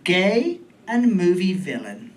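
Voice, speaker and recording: A British man from England in his forties, performing a stand-up comedy set in a comedy club with a camp, animated delivery. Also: high-pitched, slow pace, far from the mic, slight background noise. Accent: British English.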